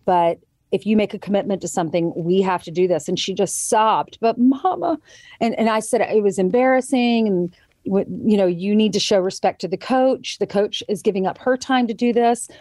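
A woman in her thirties, a guest in a casual chat, tells a parenting story and vividly quotes other people as she goes. Her voice is medium-pitched and a little mellow, a little fast, recorded with clean studio sound and no echo.

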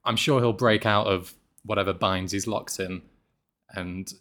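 A man's voice: fairly low pitch, steady tone, measured pace, fairly bright tone. Laughing, self-deprecating male podcast host. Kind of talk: casual podcast chat. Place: apartment in Mexico.

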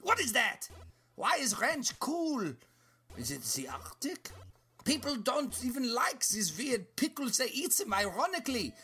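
A performer voicing a scheming woman pickle boss with a German accent who speaks in slow, grand pronouncements. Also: medium pitch, very animated, sharp tone, pitched above the performer's own voice. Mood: exasperated.

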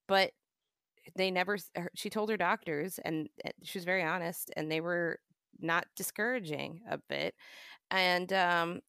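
A woman's voice: sits low, vocal fry, fairly bright tone, clean tone, no echo, studio quality. A woman talking casually as host, conversational and referring to news sources.

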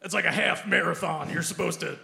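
A man's voice: on the high side, fairly quick, vocal fry, heavily acted. Man doing a frantic, winded old man. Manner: shouting, panting, exasperated.

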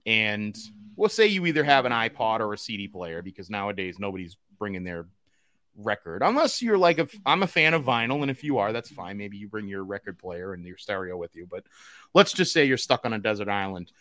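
Laughing, animated New podcast host man. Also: on the low side, brisk, dry recording. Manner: animated storyteller, laughs often, acts out quotes. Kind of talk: casual chat.

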